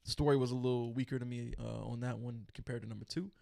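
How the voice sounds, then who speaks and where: A man's voice: medium pitch, fairly even intonation, fast talker, gravelly, dark tone. A man co-hosting a horror news podcast, chatting casually and colloquially with lots of fillers. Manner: laid-back, colloquial, trailing fillers. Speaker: podcast co-host.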